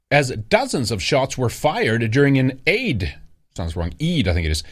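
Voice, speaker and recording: A man hosting a livestream, casually commenting on news and reading viewer chat, rambling with many hesitations and restarts. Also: medium pitch. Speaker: livestream host.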